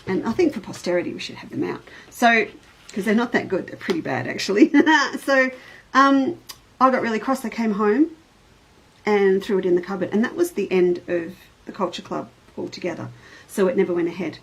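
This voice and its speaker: Middle-aged woman host, rambling and chatty, mid-pitched, casual show-and-tell. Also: a little fast, creaky, low-quality recording. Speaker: show host and fabric designer.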